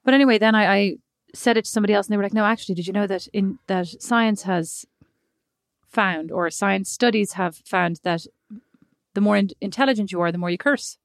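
A woman's voice: mid-range voice, brisk, no echo, clean studio sound. A woman, a mother, co-hosting a podcast in casual, chatty talk, often trailing off and restarting. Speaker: podcast co-host. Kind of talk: casual chat.

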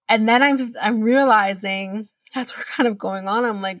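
A woman's voice: mid-range voice, normal speed, hardly any pauses, dry recording. Chatty woman podcaster, swears a bit, dry sound, kinda far from the mic. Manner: chatty, swears casually, lots of fillers. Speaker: podcast host. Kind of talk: casual reality TV recap.

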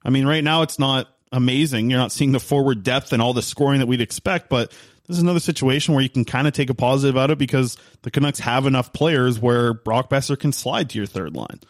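A man's voice: mid-range voice, fast talker, no echo. Guy rambling thru a hockey story on a podcast, dry close sound. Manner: rambling storyteller with many restarts. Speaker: podcast co-host, hockey reporter. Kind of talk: casual sports podcast chat.

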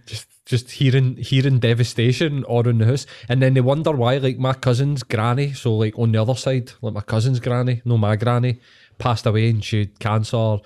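Scottish guy on a podcast, swears a lot, acts out quotes in his stories, middle pitch. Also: a little fast. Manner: sweary, animated storytelling with acted-out quotes. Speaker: podcast co-host. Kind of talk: casual banter.

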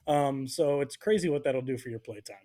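A man's voice: mid-range voice, brisk. A young man co-hosting a sports podcast, chatting casually and joking animatedly. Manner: animated, joking, jumps between voices for bits. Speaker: podcast co-host.

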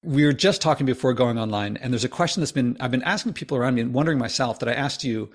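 A man in his fifties hosting a podcast, chatting casually and eagerly with a guest. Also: mid-range voice. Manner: quick, animated, chatty with restarts. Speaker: podcast host. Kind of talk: casual conversation.

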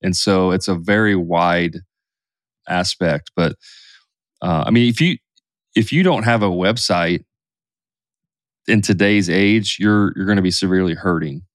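Man, very low voice, casual podcast chat, dry close recording. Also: no room sound. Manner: conversational, many fillers like "you know" and "like".

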